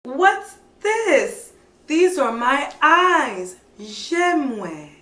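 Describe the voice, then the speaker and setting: A woman teaching toddlers in a slow, sing-song way, full of coaxing questions. Her voice sits fairly high and swoops around a lot. The sound is echoey, as if in a roomy space. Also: sing-song, bright, forceful tone, recorded from a distance. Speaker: preschool teacher.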